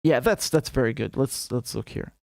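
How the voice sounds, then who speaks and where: A man's voice: mid-range voice, normal speed, gravelly, darkish tone, no echo, studio quality. A man hosting a casual livestream, talking loosely, laughing often and breaking into Arabic phrases. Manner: chatty, laughs often, mixes Arabic and English. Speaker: show host.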